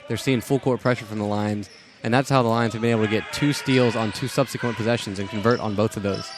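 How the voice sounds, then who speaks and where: A man's voice: lowish voice, steady tone, quick pace, noisy background. A young man giving basketball color commentary, analytical and loose, with frequent ums and restarts.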